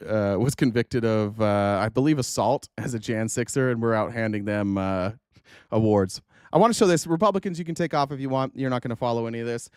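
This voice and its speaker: A man's voice: lowish voice, a little mellow, clean tone, no echo, studio quality. A man hosting a political commentary stream, talking casually with many fillers, restarts and swearing.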